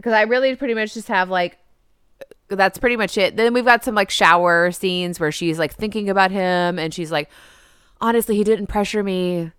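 A woman's voice: medium pitch, fairly even intonation, moderate pace, a bit bright, clean tone, dry recording, studio quality. A woman co-hosting a podcast, chatting casually and laughing as she recaps a film, with "like" in almost every sentence. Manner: chatty, giggly, peppered with "like". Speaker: podcast co-host.

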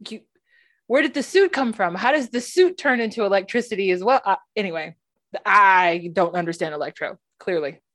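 Chatty woman podcast host, dry close mic, middle pitch, lots of ums. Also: expressive, normal speed, a bit bright, no echo. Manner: chatty, lots of fillers and laughs. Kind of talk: casual chat.

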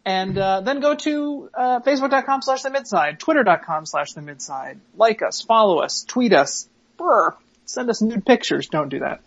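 A woman's voice: mid-range voice, expressive, moderate pace, dull audio. A woman co-hosting a podcast in casual, rambling chat, joking and swearing freely. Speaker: podcast co-host.

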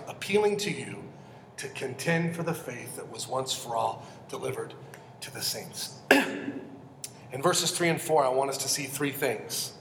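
Preaching an expository sermon in a church sanctuary, a pastor speaks earnestly and emphatically, often putting questions to his listeners. His voice is medium-pitched and a bit bright, with slight background noise. The hall is echoey, with long reverb.

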